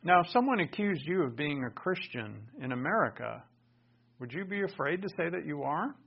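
Male pastor mid-sermon, earnest delivery punctuated by loud emphatic swells; somewhat high voice, muffled lo-fi recording. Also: very animated, normal speed, creaky, slightly rough. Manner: earnest preaching with sudden loud emphatic bursts.

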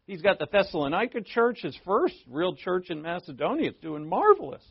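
Animated New pastor, lo-fi sermon. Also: male voice, brisk, gravelly, husky. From New England. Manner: animated and joking, with big pitch swings. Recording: dull lo-fi sermon recording.

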